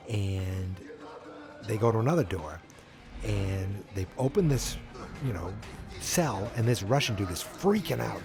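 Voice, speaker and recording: A man hosting a podcast, recapping an episode in a casual, animated storytelling way. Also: fairly low pitch, a little slow, over music. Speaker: podcast host.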